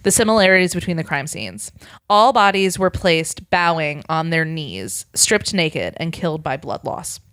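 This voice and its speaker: A woman's voice: sits low, expressive, moderate pace, fairly bright tone, smooth, no echo. A woman co-hosting a podcast, casually retelling a story with frequent fillers and lots of "like". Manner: chatty, frequent ums and likes, acts out quoted lines. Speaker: podcast co-host.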